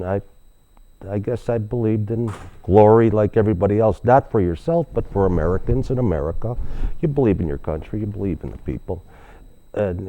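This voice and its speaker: A man's voice: lowish voice, mellow, highs cut off. An older man, a guest telling long stories in an interview, rambling with many restarts and fillers. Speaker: guest, author. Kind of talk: storytelling interview.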